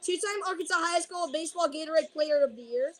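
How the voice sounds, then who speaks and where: A woman's voice: extremely high pitch, fast talker, a bit bright. A woman giving casual live commentary on a stream, chatty and rambling with jokey asides.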